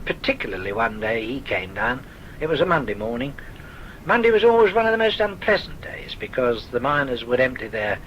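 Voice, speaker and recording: A man's voice: medium pitch, muffled recording, slight background noise. An older man with a southern English accent, genteel and wry, telling his memories for a recorded oral history. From south of England. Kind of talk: recorded reminiscence.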